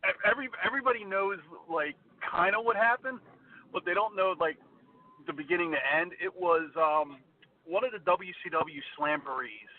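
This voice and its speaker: A man calling in to a radio show, telling a long story in a loose, animated way, laughing and acting out the other people in it. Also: sits high, normal speed, a little hiss or hum. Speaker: caller. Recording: tinny phone line from far off.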